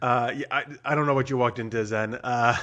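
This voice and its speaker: A man's voice: mid-range voice, fairly quick, dull audio. A man hosting an improv comedy show, casually setting up the next scene with frequent laughs. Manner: laughing, relaxed.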